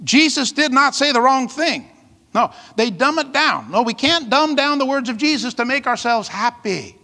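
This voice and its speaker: A man's voice: extremely high pitch, lively intonation, normal speed, sharp tone. A man pastor preaching a sermon with emphatic, fiery delivery and call-outs to the congregation. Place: church hall. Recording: long reverb of a large hall.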